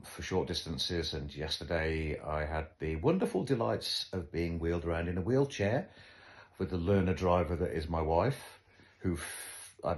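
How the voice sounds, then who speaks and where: Deep-voiced man, wry and chatty. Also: darkish tone. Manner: wry, joking, self-deprecating. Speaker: podcast host. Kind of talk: casual chat.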